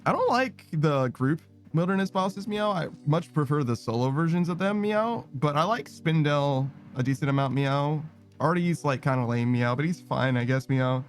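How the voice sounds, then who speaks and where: A young man streaming a game, chatting casually and rambling, ending nearly every phrase with a quick "meow" and swearing now and then. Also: on the high side, expressive, soft background music. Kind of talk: casual gaming stream chat.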